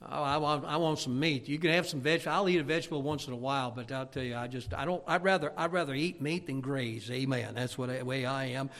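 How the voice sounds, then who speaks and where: A man's voice: medium pitch, fast talker, few pauses, fairly bright tone. A man preaching a sermon, telling folksy stories and asking for amens. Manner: folksy storytelling, calls of amen.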